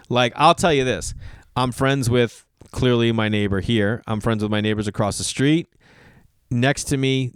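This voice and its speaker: A man's voice: medium pitch, smooth, no room sound, clean studio sound. A man in his thirties telling a comic story, acting out other people's voices and swearing freely. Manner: animated, acts out quoted voices, swears. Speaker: comedian host. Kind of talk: storytelling monologue.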